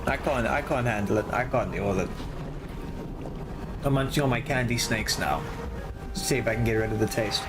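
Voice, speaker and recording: A man's voice: mid-range voice, moderate pace, pauses often, heavy background noise. Joking, swearing male game streamer. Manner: joking, swears casually, laughs often. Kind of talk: casual gaming stream chat.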